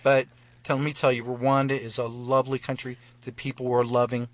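A man's voice: mid-range voice, little pitch movement, fairly quick, dry recording. A man telling a travel story as a guest on a live radio show, acting out the officials he met and chuckling often. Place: radio studio.

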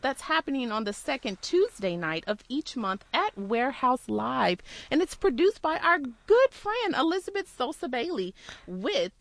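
An upbeat woman co-hosts a storytelling radio show and makes promotional announcements. Her voice is higher than most and moves around a lot in pitch. It is recorded dry and close to the mic. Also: dry recording. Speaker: co-host.

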